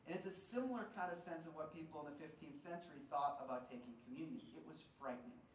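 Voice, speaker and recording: A man's voice: fairly high pitch, quick pace, a little hiss or hum. A man in his forties giving a conversational talk to a live audience in a large room, telling stories with wry humor. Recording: roomy hall, voice from some distance.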